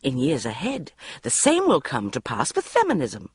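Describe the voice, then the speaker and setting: A reader voicing an indignant woman friend ranting loudly at a boozy dinner in an audiobook. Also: medium pitch, huge pitch swings, moderate pace, slightly rough, dry recording, clean studio sound, heavily acted. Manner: loud, furious ranting. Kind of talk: audiobook reading.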